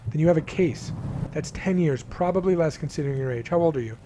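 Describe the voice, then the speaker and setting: A man reading aloud the lines of a calm, steady police detective from a game, speaking reassuringly. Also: a little high, fast talker, noisy background, close to an everyday voice.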